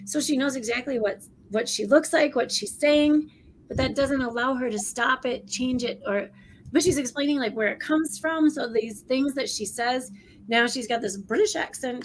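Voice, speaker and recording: A woman co-hosting a casual online debrief, talking in a rambling, excitable way with many restarts. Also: high voice, normal speed, slight background noise, rough recording. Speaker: co-host. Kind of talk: casual chat.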